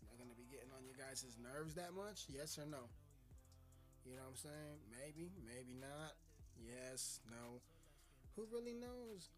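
A man's voice: mid-range voice, measured pace, soft background music. A man hosting his own podcast, rambling and joking with lots of swearing. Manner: rambling, profane, jokey. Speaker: podcast host. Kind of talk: casual solo podcast chat.

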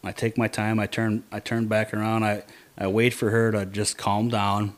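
A man telling a hunting story in casual chat, animated, dropping to low mutters to quote his own thoughts. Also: normal speed.

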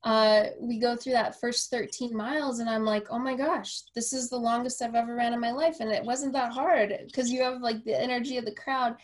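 A woman's voice: fairly high pitch, normal speed, hardly any pauses. A woman hosting a podcast, a personal trainer telling a story casually, with lots of fillers and acted-out quotes. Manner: animated, acts out quoted dialogue, frequent fillers.

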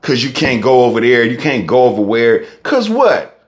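A man's voice: mid-range voice, a little fast. A young man, a rapper delivering a heated, profane ranting monologue full of rhetorical questions. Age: young adult.

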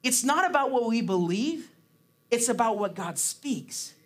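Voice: mid-range voice, expressive, a little slow. A preacher giving a casual, conversational sermon, talking chattily with many fillers and restarts. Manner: chatty, laughs often, acts out quotes.

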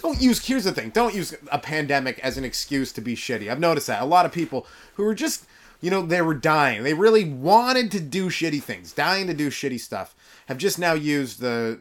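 Comic host: man, slightly high voice, sarcastic rambling rant, profane. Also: a bit bright. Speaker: stand-up comedian and podcast host. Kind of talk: solo comedy rant.

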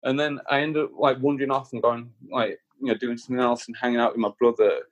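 A man's voice: medium pitch, flat delivery, fast talker, dry recording, lo-fi sound. A man, a guest musician, casually telling a long anecdote, rambling with lots of fillers and restarts and putting on voices for the people he quotes. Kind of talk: casual storytelling.

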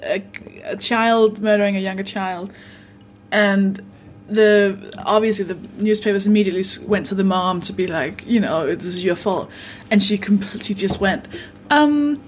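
A woman podcast host chatting casually, earnest and quick to laugh along. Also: medium pitch, a little hiss or hum.

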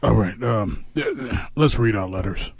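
A man with a fairly low, husky voice hosts a comedy radio show. He stays deadpan and mock-serious and stammers on repeated words. The sound is close and dry. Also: moderate pace, no echo.

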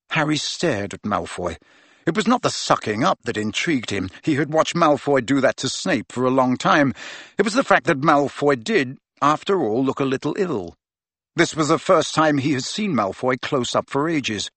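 A man narrating a novel in a steady, even storytelling manner as an audiobook reader. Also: mid-range voice, moderate pace, no room sound. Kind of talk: scripted fiction narration.

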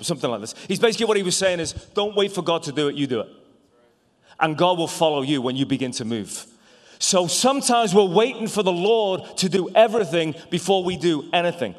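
Animated male preacher with a hall echo. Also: brisk. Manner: animated, stammering restarts, big pitch swings between loud and hushed. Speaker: evangelist. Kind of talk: sermon. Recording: long hall reverb.

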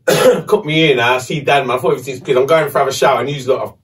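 A man, a podcast host telling a story casually, animated and swearing. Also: mid-range voice, fast talker, distant mic.

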